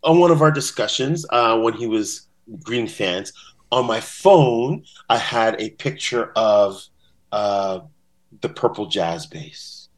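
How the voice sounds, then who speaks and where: A man's voice: on the low side, lively intonation, takes it slowly. A man telling stories as a podcast guest in a casual interview. He acts out quotes in different voices. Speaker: podcast guest, bass-playing fan.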